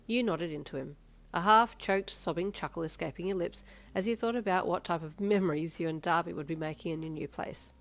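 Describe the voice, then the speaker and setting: A woman narrating a second-person fanfiction story in a steady reading voice. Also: lowish voice, brisk. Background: soft instrumental music.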